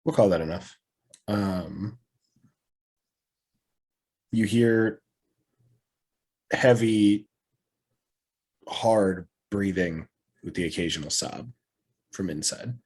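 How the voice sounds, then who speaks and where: A man's voice: deep voice, extremely slow, long pauses, darkish tone, slightly rough. A man narrating a tabletop game as game master, with hesitant, filler-filled description.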